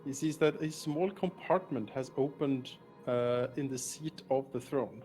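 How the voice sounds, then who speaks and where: Male dungeon master, mid-pitched, descriptive narration broken by fillers. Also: dark tone, soft background music. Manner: descriptive, pauses with many fillers. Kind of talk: narrating a tabletop game.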